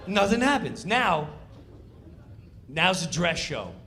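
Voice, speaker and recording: Comedian guy telling a story, high bright voice, jumps all over the place, super animated. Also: slow pace. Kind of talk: stand-up storytelling.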